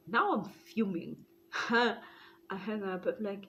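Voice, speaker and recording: A South African woman telling a story to camera in a casual vlog. She is animated, laughs often and slips into Zulu phrases. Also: medium pitch, slow pace, slight background noise, rough recording. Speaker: YouTuber.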